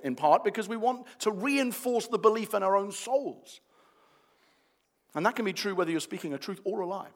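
A man preaching a sermon, his voice sitting fairly high and swinging widely in pitch. He talks in an animated way, building up to emphatic declarations. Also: normal speed.

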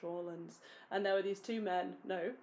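A woman's voice: fairly low pitch, fairly even intonation, normal speed, darkish tone. A young woman co-hosting a podcast, chatting casually and telling stories with lots of giggling and self-mockery. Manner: giggly, storytelling, self-mocking. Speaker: podcast co-host. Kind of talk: casual chat.

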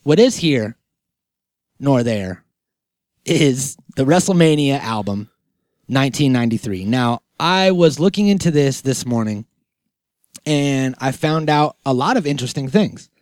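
A man chatting on a podcast, keeping his jokes deadpan and rambling through them with plenty of fillers. His pitch sits in an ordinary middle range. The sound is close and dry, with no room around it. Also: a little slow, no echo. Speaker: podcast host. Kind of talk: casual comedic chat.

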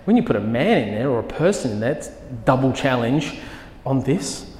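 A man's voice: medium pitch, sing-song, normal speed, darkish tone. A man preaching a sermon as pastor, telling a story with vivid, emphatic quoted lines. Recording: echoey hall with long reverb.

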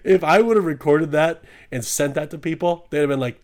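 A man's voice: on the high side, fairly quick, few pauses, darkish tone. A man co-hosting a podcast, telling a crude, joking story and often laughing. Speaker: podcast co-host. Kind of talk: casual podcast chat and anecdote.

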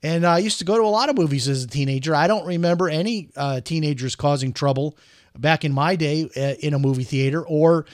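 A middle-aged man hosts a relaxed commentary show, rambling through stories with lots of uhs and self-corrections. His voice sits a little high for a man. The recording is dry and close, with no room sound. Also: fairly quick, no echo. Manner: chatty, rambling, lots of fillers and restarts. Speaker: show host. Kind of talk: casual news commentary.

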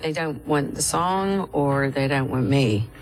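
A woman's voice: extremely low pitch, measured pace. An actress playing a seasoned woman country singer in a TV drama, speaking with a dry edge. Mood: wry. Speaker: drama character.

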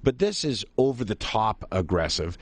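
A middle-aged man, a radio host telling a funny travel story in a lively, self-mocking way. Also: lowish voice, normal speed. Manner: animated, self-mocking storyteller who laughs at his own tale. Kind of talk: casual on-air storytelling.

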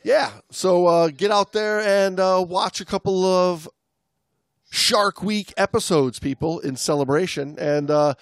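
A man's voice: high voice, unhurried, no room sound, clean studio sound. A man co-hosting a podcast, chatting loosely with lots of fillers. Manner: loose, filler-heavy banter. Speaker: podcast co-host. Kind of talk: casual chat.

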